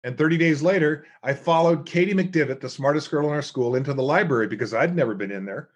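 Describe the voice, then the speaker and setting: Middle-aged guy, kinda high voice, tells stories and does the voices of people he quotes. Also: fast, highs cut off. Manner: animated storyteller acting out quoted voices. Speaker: guest, author and speaker. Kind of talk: storytelling interview chat.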